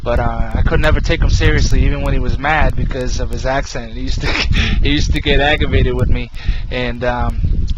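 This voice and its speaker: An earnest young man with a Boston accent tells his religious testimony in a rambling way, stopping often to restart. His voice sits at an ordinary middle pitch. The sound is dull and lo-fi, with heavy background noise all around him. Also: fairly even intonation, moderate pace. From Boston, Massachusetts. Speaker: video ministry host.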